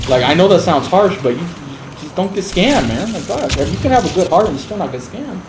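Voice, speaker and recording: A man's voice: on the high side, expressive, brisk. A man from the United States telling a story on his game stream, blunt and full of swearing. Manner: profane, blunt, heavy swearing. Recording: roomy with faint background noise.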